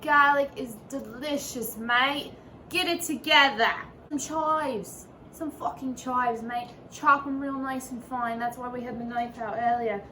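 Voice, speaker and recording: A woman's voice: sits high, fairly even intonation, a little slow, sharp tone. Woman, cooking host, home kitchen, playful profane banter, noisy room ambience. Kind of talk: casual cooking video.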